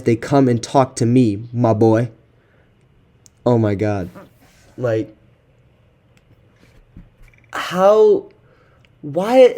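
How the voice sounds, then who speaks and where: A man's voice: medium pitch, a little mellow. A man giving casual reaction commentary on text messages he is reading, exasperated and slangy, swearing often. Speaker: content creator.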